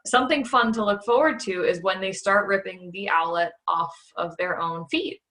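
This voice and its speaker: Bright-voiced casual podcast host. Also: female voice, medium pitch. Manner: chatty, swears casually, quick asides.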